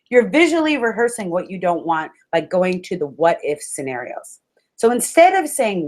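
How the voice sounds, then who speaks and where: A woman motivational speaker in a webinar, talking to her listeners like friends. Her voice sits a little low, and her delivery is animated and expressive, with sudden exclamations. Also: moderate pace. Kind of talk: webinar talk on public speaking.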